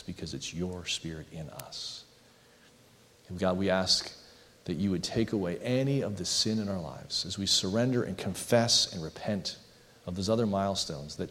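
A man preaching as a pastor and leading an earnest closing prayer, slowing down on the words he wants to land. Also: low-pitched, slight background noise. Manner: earnest, pleading, slows on key phrases. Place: church sanctuary. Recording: long hall reverb.

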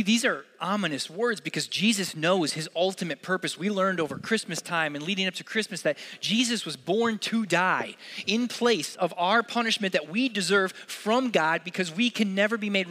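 A man's voice: sits high, sharp tone. A man preaching a sermon as pastor, conversational and earnest, with casual asides.

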